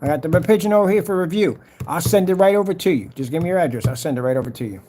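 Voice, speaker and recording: A man's voice: a little high, animated, rapid-fire, dark tone. A man ranting casually to camera, boastful and challenging, repeating himself and daring rivals. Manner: trash-talking, challenging, repetitive. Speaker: vlogger selling projector screen paint.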